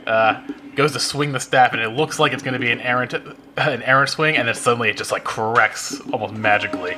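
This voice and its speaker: A man's voice: mid-range voice, brisk, sharp tone, a little hiss or hum. A man playing a tabletop game, describing his character's attacks in a playful, laughing way. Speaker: player. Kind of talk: casual tabletop game play.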